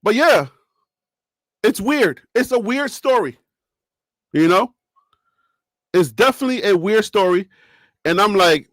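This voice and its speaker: A man with a strikingly high voice runs a loose sports talk segment. He rambles, jokes and keeps turning to the audience with rhetorical questions. The sound is dry and close. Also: expressive, measured pace, long pauses, fairly bright tone, no echo. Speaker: sports talk show host. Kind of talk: casual sports talk commentary.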